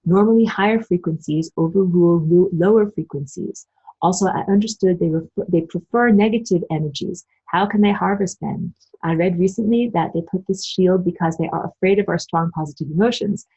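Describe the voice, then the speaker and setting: A woman talking casually about spiritual ideas and answering her live chat, acting out quoted voices with big jumps in pitch and swearing bluntly. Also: brisk, warm tone, husky, dull audio. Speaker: spiritual channel host.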